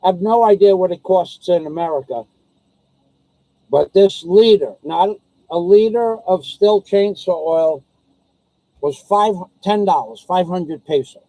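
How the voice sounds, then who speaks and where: A man vlogging in a rambling, casual monologue, telling stories and quoting people as he grumbles about high prices and masks. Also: a little slow, dry recording, muffled recording.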